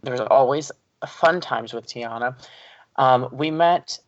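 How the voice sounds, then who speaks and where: A man co-hosting a casual podcast, an animated storyteller who jumps into high squeaky quotes. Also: slow pace, lo-fi sound. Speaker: podcast co-host.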